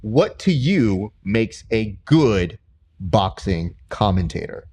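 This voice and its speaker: A young man hosting a casual interview podcast, telling stories in an animated way and jumping high in pitch when he quotes people. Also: slow, breathy edge. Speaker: podcast host and combat sports commentator.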